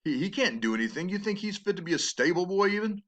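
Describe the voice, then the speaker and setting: A man's voice: high-pitched, big pitch swings, fast, dull audio. A man teaching a play, reading it aloud and commenting in an emphatic, conversational way with rhetorical questions.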